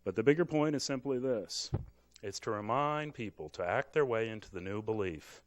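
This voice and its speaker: Man, middle-aged, physician, live lecture, animated, jokey, acts out scenes, lowish voice. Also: normal speed, lo-fi sound. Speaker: physician teaching at grand rounds. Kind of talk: lively live lecture with demonstration. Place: hospital lecture hall. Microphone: moves on and off the microphone.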